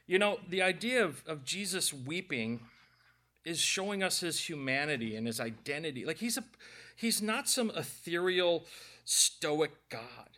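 A man's voice: on the high side, sing-song, measured pace, bright, forceful tone. A man preaching a conversational sermon, earnest and emotional, with self-deprecating asides. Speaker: pastor.

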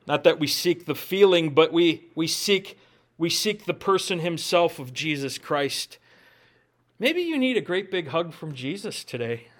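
A man's voice: on the high side, lively intonation, a little slow, a bit bright. A man, a pastor, preaching an earnest, heartfelt sermon to his congregation.

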